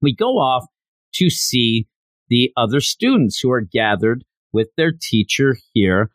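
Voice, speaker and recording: A man's voice: medium pitch, big pitch swings, a little slow, no echo. A man casually recapping a story, chatty and joking with lots of fillers. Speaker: reviewer.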